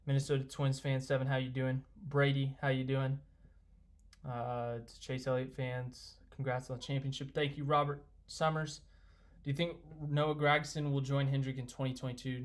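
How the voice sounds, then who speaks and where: Young male streamer, casual and excitable, rambles between reading viewer comments; ordinary mid-range voice. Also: medium pitch. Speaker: live stream host. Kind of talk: casual live stream chat.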